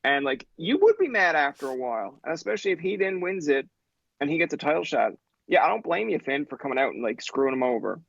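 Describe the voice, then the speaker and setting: A man from Newfoundland in his thirties, a podcast guest telling stories in an animated, profane way and acting out the people in them. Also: fairly high pitch, fast talker, creaky, dry recording, lo-fi sound. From Newfoundland, Canada. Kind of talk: casual storytelling chat.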